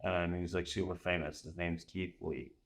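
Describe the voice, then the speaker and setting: A man's voice: deep voice, little pitch movement, normal speed. A man hosting a casual podcast, chatty and rambling with lots of fillers. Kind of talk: casual chat.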